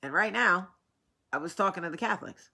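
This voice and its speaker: A woman hosting a casual vlog, talking to camera in a rambling, animated way, with a sore, swollen face after dental work. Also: on the low side, fairly quick, gravelly, slightly rough. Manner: chatty, rambling, animated asides. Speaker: vlog host.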